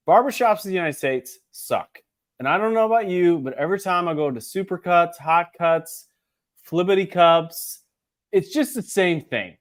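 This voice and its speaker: A man co-hosting a podcast, telling a story in casual chat, acting out the other people in it and swearing freely. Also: fairly high pitch. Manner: animated, profane, acts out other people's lines. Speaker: podcast co-host.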